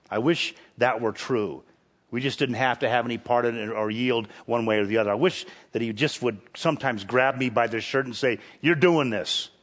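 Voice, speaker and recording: A man preaching a sermon, with rhetorical questions and emphatic peaks that climb on key phrases. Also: medium pitch. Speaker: pastor.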